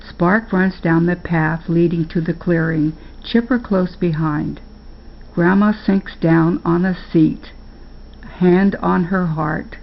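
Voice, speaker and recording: An older woman reads a storybook aloud in an unhurried, plain manner. Her low voice is gravelly and very slow. The home recording sounds dull and lo-fi. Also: fairly even intonation.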